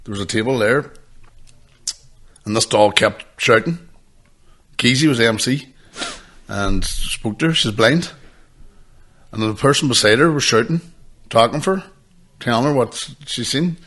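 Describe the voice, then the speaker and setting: A man's voice: medium pitch, a little slow, pauses often, fairly bright tone. A young man, a stand-up comedian swearing and rambling through stories in casual podcast chat.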